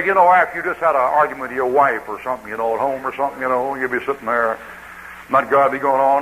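A man's voice: mid-range voice, pushed and bright, slight background noise, poor audio. A man preaching a sermon in a folksy, joking way, acting out what people say.

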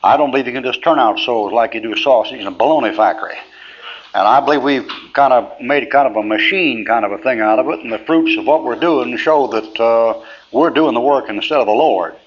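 A man's voice: medium pitch, fairly quick. A man teaching a Bible class in a blunt, folksy, plainspoken way, with a middle-range voice. The recording is dull and lo-fi, like an old tape. A faint hiss runs underneath. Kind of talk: classroom lecture.

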